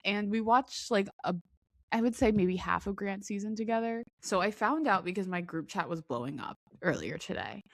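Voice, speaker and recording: A woman's voice: medium pitch, moderate pace, no room sound, studio quality. A woman co-hosting a podcast, telling stories in casual chat with lots of fillers and acted-out quotes. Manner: animated storyteller, acts out quotes, many fillers. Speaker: podcast co-host.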